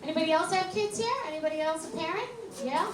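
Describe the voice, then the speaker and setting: A woman in her forties doing a stand-up set, delivering deadpan one-liners and laughing at her own jokes. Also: extremely high pitch, fast. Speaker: stand-up comedian. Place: comedy club stage. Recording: echoey club from far off, loud crowd. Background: loud crowd laughter and room noise.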